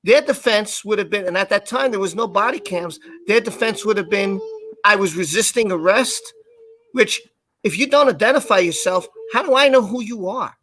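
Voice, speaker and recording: A man co-hosting a live stream, casually telling a personal story in an animated way and acting out the quoted lines. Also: high voice, brisk.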